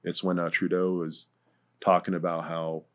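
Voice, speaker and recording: A man's voice: low-pitched, completely flat delivery, normal speed. A man as a guest in a casual discussion, rambling and hesitant, full of fillers like "like" and "right".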